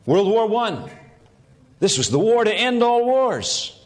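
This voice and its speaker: A man's voice: sits high, sing-song, takes it slowly. Earnest man preaching a sermon. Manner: earnest preaching with rising emphasis on key phrases. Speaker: pastor.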